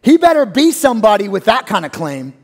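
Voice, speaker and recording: A pastor with a high-pitched voice preaches a sermon to his church congregation in a sing-song, fairly quick manner. He swings from loud, soaring exclamations down to quiet, hushed phrases.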